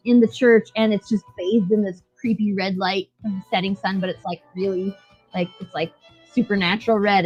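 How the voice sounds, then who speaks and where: Medium in pitch, a little mellow and edged with breath, this woman's voice carries a casual podcast chat reviewing a show. As co-host she rambles profanely and laughs recounting scenes over a dull, lo-fi recording with faint music.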